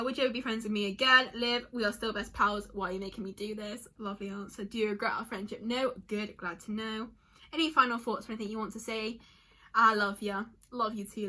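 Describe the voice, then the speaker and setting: A young woman with a slightly high, bright, pushed voice chats casually in her vlog. She reads her friends' answers aloud and responds to them emotionally, rambling, saying "like" a lot, and interrupting herself mid-thought.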